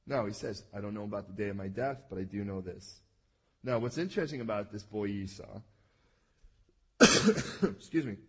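Male pastor, animated conversational sermon, husky tone. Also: medium pitch. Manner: conversational, checks in with listeners, acts out quoted lines.

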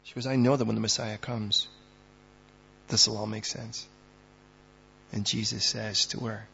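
Male pastor, gravelly husky voice, sermon delivery that swings loud to hushed, dull lo-fi recording. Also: a little high, moderate pace.

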